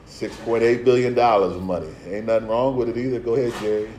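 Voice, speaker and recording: A man's voice: mid-range voice, steady tone, quick pace, a little mellow, echoey room, slight background noise, low-quality recording. A man preaching a sermon as pastor, streetwise and playful, with asides and acted-out voices. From Philadelphia.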